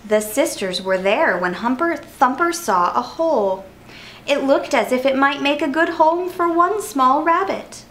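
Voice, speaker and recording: Casting: storytime reader, lightly high voice, clear and lively for kids. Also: female voice, unhurried, a little hiss or hum, poor audio. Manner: clear, expressive storybook narration. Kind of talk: reading a children's picture book aloud.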